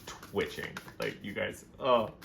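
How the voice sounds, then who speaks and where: A man doing a casual tarot reading to camera, gushing and excitable about each card. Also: lowish voice, fairly quick, vocal fry. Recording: noisy background hiss.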